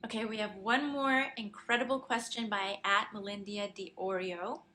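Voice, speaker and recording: A woman's voice: mid-range voice, steady tone, moderate pace, few pauses, bright, forceful tone, a little hiss or hum. A woman hosting a spiritual podcast, earnestly introducing channeled answers to listener questions. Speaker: host and channeler.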